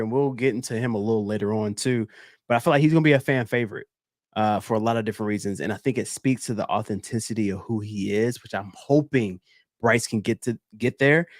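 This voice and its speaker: A man's voice: medium pitch, dry recording, studio quality. Upbeat man hosting a sports podcast. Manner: animated storyteller who jumps into quoted voices. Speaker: podcast host. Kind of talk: casual sports podcast chat.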